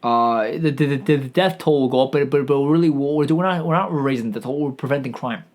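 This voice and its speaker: A man's voice: mid-range voice, quick pace. A man hosting a comedy podcast, delivering a sarcastic, profane rant that rambles along with frequent stammered restarts.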